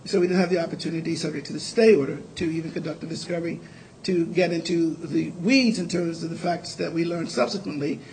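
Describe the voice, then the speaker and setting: A man making his case in a courtroom oral argument, his voice sitting a little high for a man. He talks earnestly but stumbles and restarts often. A faint low hum runs underneath. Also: vocal fry, a little mellow, low-quality recording. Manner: earnest, halting with frequent restarts. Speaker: appellate lawyer arguing for the appellant.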